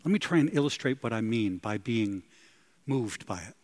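A man's voice: mid-range voice, expressive, moderate pace, a little mellow. A male pastor preaching a sermon, dramatic, breaking into gasps and soaring on emphatic lines.

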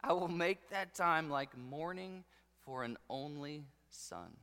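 A man preaching a sermon with passion, dropping to a hush and then rising to loud declarations. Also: on the high side, slow pace, smooth. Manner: impassioned preaching, swinging between hushed and loud. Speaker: pastor. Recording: long hall reverb.

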